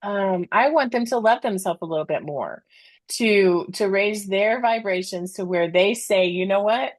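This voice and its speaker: A woman's voice: mid-range voice, measured pace, dry recording. A woman guest talking in a casual chat, earnest and reflective, giving motivational advice.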